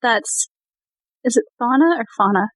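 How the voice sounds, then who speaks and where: A woman's voice: on the high side, expressive, unhurried, dry recording, low-quality recording. A woman playing a tabletop game in casual chat, polite and a bit unsure. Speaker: player.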